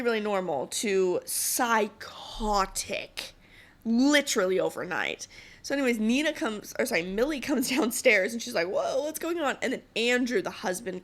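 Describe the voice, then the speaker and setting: A woman's voice: mid-range voice, fairly bright tone. A woman hosting a podcast, chatting casually and gossipily through a TV show recap with lots of fillers. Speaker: podcast host.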